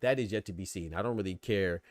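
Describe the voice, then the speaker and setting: A man with a low voice talks quickly as a boxing podcast host, with energy and a string of rhetorical questions. The sound is dry and close, with no room echo. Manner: animated, rhetorical questions, reads chat comments. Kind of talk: casual live-stream commentary.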